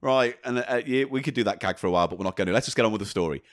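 A man's voice: fairly low pitch, very fast, no room sound, studio quality. A man with a southern English accent co-hosting a comedy podcast, joking around and reading listener letters aloud. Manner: jokey, playful, reads listener letters aloud. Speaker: podcast co-host. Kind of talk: casual comedic chat.

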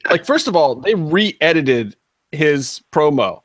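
Male podcast co-host, animated storyteller, dry close sound. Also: on the high side, slow pace, no echo. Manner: animated storytelling, laughing at his own story. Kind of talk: casual chat.

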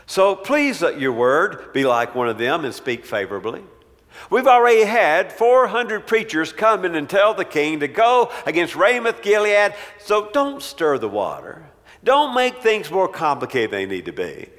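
Bir vaiz, ısrarcı ve ikna etmeye çalışan bir saray habercisini canlandıran bir adam. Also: male voice, sits high, big pitch swings, normal speed, a bit bright, big-room sound. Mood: pressing. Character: pushy royal messenger, grown man.

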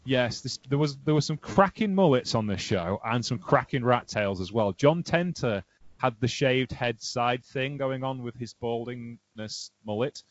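A man hosting a casual wrestling podcast, chatty and animated, laughing often as he tells stories. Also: mid-range voice, unhurried, no room sound. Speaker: podcast host. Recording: dry, dull lo-fi sound.

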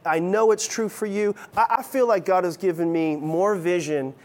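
A man's voice: sits high, moderate pace. A middle-aged man preaching a sermon as pastor, conversational and playful, with frequent restarts.

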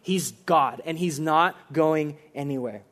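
A young man preaching a casual, animated sermon, talking conversationally and saying "like" often. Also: on the high side, slow. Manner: animated, conversational, heavy use of "like".

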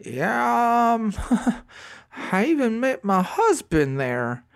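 A man's voice: very high voice, sing-song, extremely slow, gravelly, clear, resonant tone, pitched above the performer's own voice, exaggerated voice. A man voicing a chatty elderly woman who used to be a waitress, repeating herself as she rambles.

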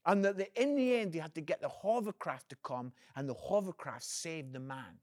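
High-voiced earnest male evangelist. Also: moderate pace, no room sound, clean studio sound. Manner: earnest, calls the listener "friend"; energetic, swings between loud emphasis and quiet. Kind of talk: inspirational video message.

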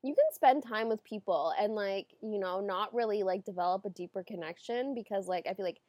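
A woman co-hosting a podcast, chatting casually about books in a relaxed way with many fillers. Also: mid-range voice, fairly quick, dry recording. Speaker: podcast co-host. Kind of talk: casual book chat.

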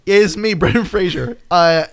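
A man's voice: high-pitched, a little slow, a little hiss or hum. A man putting on a goofy male movie star who prank-calls a stranger, rambling and stammering with crude jokes. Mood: rambling pitch.

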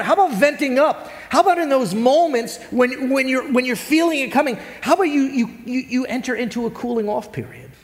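A man preaching a sermon as a pastor, earnest and conversational, asking his listeners rhetorical questions. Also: very high-pitched. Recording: long reverb of a large hall.

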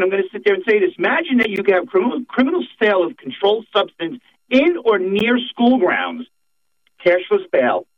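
A man, a political candidate calling in to a radio show, talking emphatically and repeating his points. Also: high voice. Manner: emphatic campaign talk, repeats phrases. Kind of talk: phone-in radio interview. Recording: tinny phone line.

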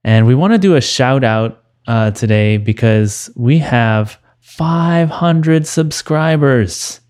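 A man from the United States hosting a casual panel podcast, upbeat and quick to laugh. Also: medium pitch, animated, darkish tone, clean tone. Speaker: podcast host.

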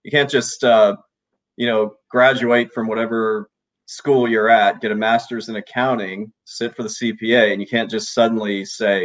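A man's voice: lowish voice, fairly even intonation, normal speed, fairly bright tone. A man co-hosting a casual late-night chat over a video call, reading donation messages and giving blunt, laid-back advice.

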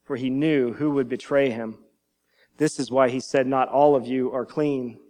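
A man's voice: mid-range voice, steady tone, moderate pace, darkish tone. A male pastor preaching a sermon in an earnest teaching manner, now and then repeating a word as he goes.

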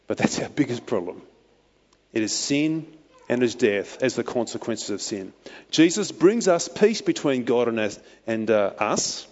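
Earnest male preacher in a reverberant hall. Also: darkish tone. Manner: earnest, rising to emphatic pitch on key phrases. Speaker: pastor. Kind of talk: sermon. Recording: muffled, long hall reverb.

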